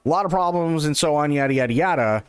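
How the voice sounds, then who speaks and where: A livestream host reacts casually to an interview, repeating himself and tripping over restarts. His voice is a little high and smooth, and he speaks at a quick pace. The recording is dry, with faint music behind him.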